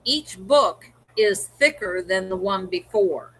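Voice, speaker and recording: A woman's voice: medium pitch, expressive, slow, fairly bright tone, slightly rough, low-quality recording. A middle-aged woman co-hosting a livestream, chatting casually and acting out what her family said. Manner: chatty storyteller, acts out family quotes. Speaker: co-host of a livestream. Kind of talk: casual chat.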